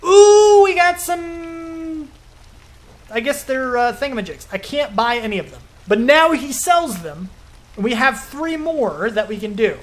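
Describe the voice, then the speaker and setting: A man's voice: very high-pitched, animated, normal speed, a bit bright. A man commenting casually as he plays a video game, talking to himself and his viewers and reacting with surprise. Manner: chatty, self-talking, easily surprised. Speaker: gaming streamer. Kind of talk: let's play commentary.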